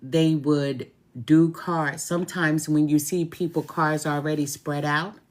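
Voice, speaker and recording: Low-voiced, chatty woman tarot reader. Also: fairly even intonation, unhurried. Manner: chatty, repeats phrases for emphasis; heartfelt, openly grateful. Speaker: tarot reader and root worker. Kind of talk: casual talk to camera.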